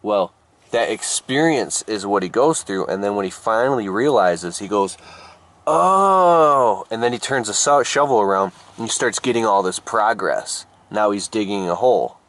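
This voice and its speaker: Animated man telling a story off the cuff. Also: normal speed. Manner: animated, emphatic, jumps up in pitch for effect. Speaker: motivational speaker. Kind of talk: improvised storytelling monologue.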